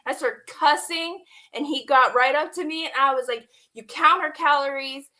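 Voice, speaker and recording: A woman telling an emotional personal story as a guest, animated and quoting the people in it, laughing at times and close to tears. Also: high-pitched, normal speed. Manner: animated retelling with quoted dialogue, laughing and near tears. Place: online stream.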